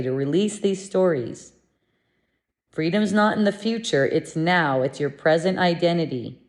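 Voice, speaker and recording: Slow, low-voiced woman teaching softly. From living in Mexico. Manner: gentle, soothing, unhurried. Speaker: spiritual teacher. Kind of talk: slow meditative spiritual lesson.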